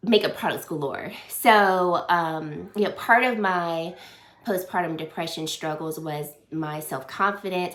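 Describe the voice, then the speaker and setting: A woman in her thirties, a beauty vlogger talking casually to camera, emotional and teary, halting with many fillers. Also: on the low side, reverberant. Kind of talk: casual get-ready-with-me chat.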